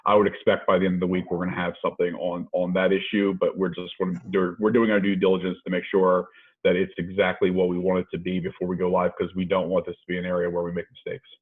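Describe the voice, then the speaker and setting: Man, low voice, monotone, phone-quality audio, deliberate official answers. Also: husky. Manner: deliberate, explanatory. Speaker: health officer. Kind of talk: press briefing answers. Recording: tinny phone-like call line.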